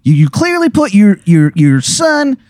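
A man voicing a goofy grown man who is a baseball superfan, with an exaggerated Baltimore accent and a high, drawn-out, nasal voice. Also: wildly swooping pitch, a little mellow, no room sound, full character voice. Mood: sappy.

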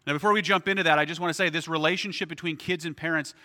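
A man's voice: a little high, steady tone, racing, bright, forceful tone, in a large hall. A man preaching a sermon as pastor, in a conversational way, often asking "right?".

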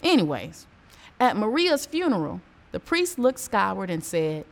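A woman hosting a show, reading listener jokes and reacting loudly to the punchlines. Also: mid-range voice, sing-song, normal speed. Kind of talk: casual joke reading.

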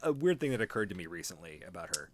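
A man's voice: low voice, sing-song, racing, crowd noise. A man co-hosting a podcast in casual chat, playful and teasing, and he rambles when he tells a story. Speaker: podcast co-host.

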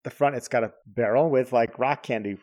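A man co-hosting a casual podcast, relaxed and joking as he describes a beer. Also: medium pitch, a little fast. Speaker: podcast co-host.

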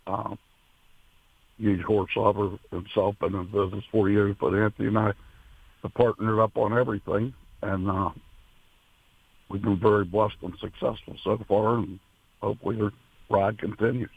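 A man, a racehorse owner, being interviewed over the phone, talking in a halting way with many fillers and restarts, emotional. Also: fairly low pitch, fairly even intonation, vocal fry, husky, no room sound. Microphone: telephone. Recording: tinny phone line.

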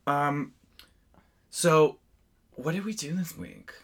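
A man's voice: fairly high pitch, takes it slowly. A man co-hosting a podcast, musing and rambling in casual conversation with many fillers. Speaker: podcast co-host. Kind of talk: casual chat.

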